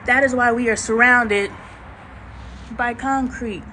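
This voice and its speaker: A woman's voice: a little high, fairly even intonation, slow pace, pushed and bright, a little hiss or hum, rough recording. A woman hosting a casual livestream chat, talking in a slangy, emphatic way with preachy asides and greeting viewers. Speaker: livestream host.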